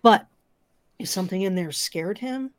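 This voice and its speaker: A woman's voice: mid-range voice, lively intonation, moderate pace. A woman storyteller telling spooky stories on a podcast, building suspense and dropping to whispers. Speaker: storyteller guest.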